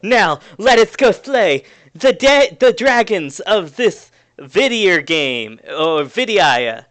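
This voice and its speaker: A man's voice: high voice, big pitch swings, slow, a bit bright, pitched above the performer's own voice, exaggerated voice. A man voicing a boastful, theatrical young male student who turns timid at times, with grand proclamations and cackling laughs. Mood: grandiose.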